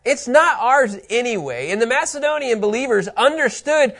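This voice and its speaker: Animated high-voiced man teaching scripture. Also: moderate pace. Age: middle-aged. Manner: animated, laughing, rambling with fillers. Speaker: Bible teacher. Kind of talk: casual Bible teaching.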